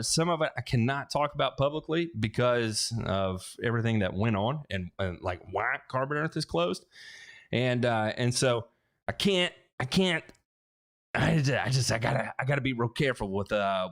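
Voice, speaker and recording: A man's voice: medium pitch, fairly bright tone. Rambling man hosting a livestream. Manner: rambling, many restarts and fillers, joking asides. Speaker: livestream host answering viewer questions. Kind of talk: casual livestream chat. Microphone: headset.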